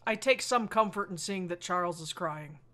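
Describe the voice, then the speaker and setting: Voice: mid-range voice, moderate pace, background noise. A player in a tabletop game, talking casually and stumbling over words.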